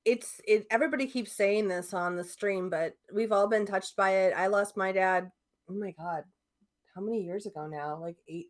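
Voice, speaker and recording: A woman's voice: mid-range voice, normal speed. A woman who grew up in the American Midwest, chatting loosely on a charity livestream. She talks in starts and stops, circling back mid-sentence and laughing easily between thoughts. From US Midwest, Indiana. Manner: chatty, trailing restarts, laughs often. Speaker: podcast co-host. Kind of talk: casual livestream chat.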